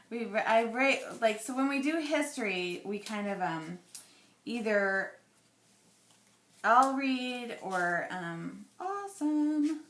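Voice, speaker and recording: A woman in her thirties, chatty and rambling as she thinks aloud while scrapbooking, her voice going a little hoarse. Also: mid-range voice, slow pace, long pauses, a bit bright, echoey room. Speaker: scrapbooking vlogger. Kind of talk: casual crafting chat.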